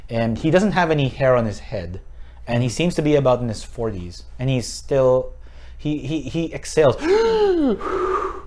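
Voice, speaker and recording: A man running a tabletop game on a stream, narrating in halting, self-correcting bursts. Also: mid-range voice, a little mellow. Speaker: game master.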